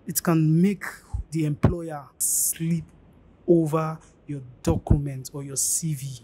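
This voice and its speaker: A man talks through career advice like an informal lesson. His voice is very husky and rough-edged. He presses his points hard, pleading and repeating himself. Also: a little high, fairly even intonation, slow, warm tone. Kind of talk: informal teaching monologue.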